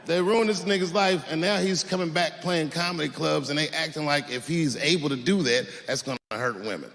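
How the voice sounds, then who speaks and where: A man doing a stand-up comedy routine, with a slow, deliberate, drawling delivery. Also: fairly high pitch, creaky, fairly bright tone. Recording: reverberant venue recording with faint background noise.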